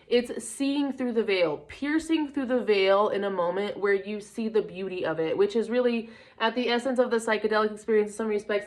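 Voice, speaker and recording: A young woman chats her way through a spiritual card reading. She rambles, stops to hunt for words, and breaks into small laughs. Her nose is running. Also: a little high. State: runny nose. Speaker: tarot card reader. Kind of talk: casual spiritual vlog talk.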